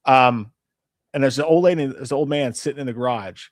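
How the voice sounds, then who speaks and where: A man's voice: mid-range voice, a little fast, no room sound, clean studio sound. A man in his forties hosting a live stream, telling a rambling story with crude jokes in casual chat. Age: 40s. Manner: rambling and jokey, with crude humor.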